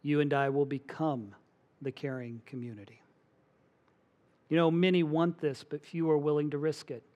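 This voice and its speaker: Animated middle-aged male pastor preaching. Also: fairly high pitch, moderate pace, highs cut off. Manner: animated storytelling, acts out voices. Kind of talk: sermon.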